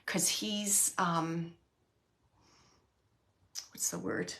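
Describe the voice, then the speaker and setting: A woman giving a live mediumship reading, relaying messages in a halting, emotional way and often searching for words. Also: medium pitch, animated, sharp tone. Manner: emotional, close to tears at times.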